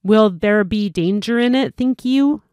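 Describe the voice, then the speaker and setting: A woman's voice: mid-range voice, animated, slow, dry recording, clean studio sound. A woman voicing an eager young boy, a knight's son, in old-fashioned speech, in a storybook reading.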